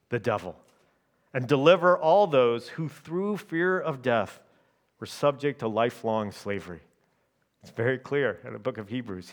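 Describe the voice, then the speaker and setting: Man preaching, emphatic and measured. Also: medium pitch. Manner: checks in with the congregation through repeated tag questions. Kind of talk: sermon.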